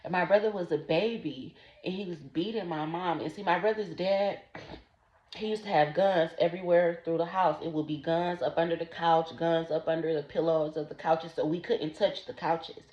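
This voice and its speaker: A woman telling a personal story slowly and deliberately to her vlog audience. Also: fairly low pitch, fairly even intonation, darkish tone. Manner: slow, deliberate recounting. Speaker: vlogger. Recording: roomy, dull lo-fi sound.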